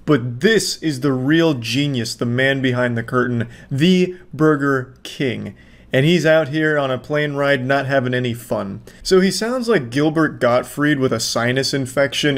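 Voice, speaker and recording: A man from Florida riffs on a clip in casual commentary, sarcastic and full of profanity. His voice sits at a middling pitch and he talks in a relaxed, mocking way. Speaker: video commentator.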